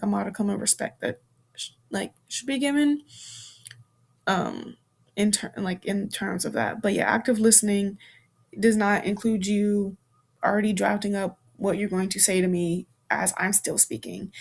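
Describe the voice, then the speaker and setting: A woman in her twenties hosts a podcast in a casual, chatty style, full of fillers and restarts, frank and playful with some mild swearing. Her voice is medium-pitched and darkish, with vocal fry.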